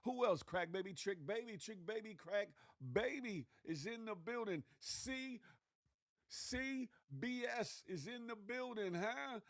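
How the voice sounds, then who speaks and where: Male morning show host on a phone mic, slangy hype-man shout-outs, voice sits a bit high, dry close sound. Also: measured pace, dry recording. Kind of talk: casual livestream morning show.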